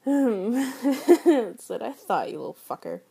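A raised, husky voice that takes its time, belonging to a crude, mocking young fast-food worker, as a woman acts her out. She teases and swears, often sinking into a breathy whisper. This is an adult audio role-play. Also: on the high side, very animated, mellow, heavily acted. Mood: teasing. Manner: teasing, foul-mouthed and mocking. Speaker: voice actor.

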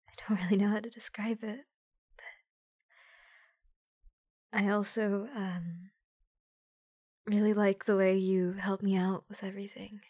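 A woman voicing a shy young woman who nervously confesses her love to a close friend, in a soft, halting whispered role-play with giggles. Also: mid-range voice, dry recording, lightly acted.

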